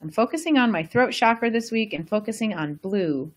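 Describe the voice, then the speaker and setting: A woman's voice: medium pitch, animated, fairly quick. A woman hosting a casual wellness live stream, talking to viewers in a chatty, rambling, enthusiastic way. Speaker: wellness host.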